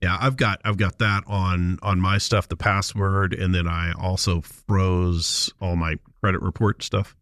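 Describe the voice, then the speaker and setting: A man co-hosting a podcast, telling an animated anecdote with stammering restarts. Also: sits low, measured pace, hardly any pauses, no room sound, clean studio sound. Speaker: podcast co-host. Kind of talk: casual podcast chat.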